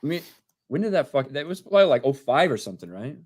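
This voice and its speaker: A man's voice: a little high, sing-song, quick pace, a little mellow. Man in his thirties reading donations. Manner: reads names and messages, laughs often. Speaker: co-host reading viewer donations. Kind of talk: casual livestream banter.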